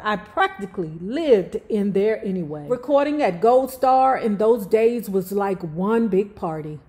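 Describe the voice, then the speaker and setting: A woman reading a memoir aloud and breaking off into sassy, animated commentary full of cursing asides. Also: mid-range voice. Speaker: YouTube storyteller.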